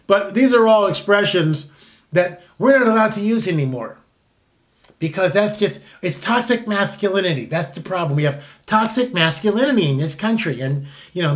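A man in his late sixties delivers an opinionated commentary monologue as host. His voice sits unusually high for a man. He rambles, breaks off mid-sentence and restarts, and keeps adding asides. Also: a bit bright. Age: 60s.

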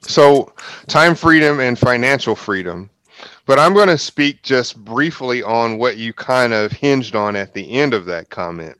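Guy hosting a group chat, smooth clear voice, dry sound, explains stuff at length. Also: medium pitch, expressive, measured pace, fairly bright tone, no echo. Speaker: host. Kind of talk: group discussion.

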